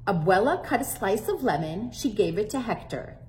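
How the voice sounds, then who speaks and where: A woman working as a children's librarian, reading a storybook aloud to kids in a warm, friendly, expressive way. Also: mid-range voice, moderate pace, slight background noise.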